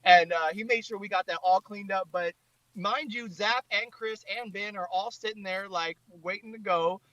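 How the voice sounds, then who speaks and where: Bright high-voiced man, rambling. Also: moderate pace, dry recording. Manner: rambling storytelling full of "like". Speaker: videographer and director. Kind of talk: casual chat. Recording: dull lo-fi online audio.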